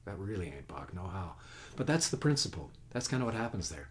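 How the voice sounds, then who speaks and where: A man with a low voice and big pitch swings talks fairly quickly while teaching guitar on a casual webcast. Folksy and chatty, he counts beats and hums notes as he plays, his own guitar in the background, captured on a home webcast mic.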